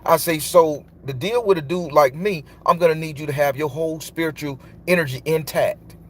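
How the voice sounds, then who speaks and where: A man's voice: on the high side, normal speed, a bit bright, slight background noise. Profane man telling a story. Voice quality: loose, profane, emphatic delivery. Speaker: spiritual tarot reader. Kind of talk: casual storytelling monologue.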